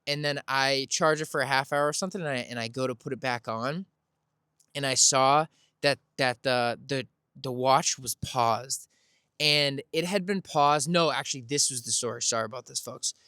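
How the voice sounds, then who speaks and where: A man's voice: medium pitch, normal speed, pushed and bright, clear, resonant tone, dry recording, clean studio sound. A man hosting a podcast, telling a casual, rambling story, correcting himself and laughing as he goes. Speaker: podcast host.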